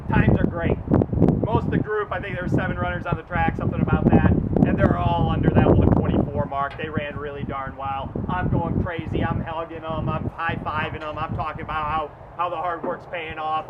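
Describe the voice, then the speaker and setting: A man, a track coach, tells a story as a lecture, talking loud and fast. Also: high-pitched, highs cut off, heavy background noise. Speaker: track coach giving a presentation.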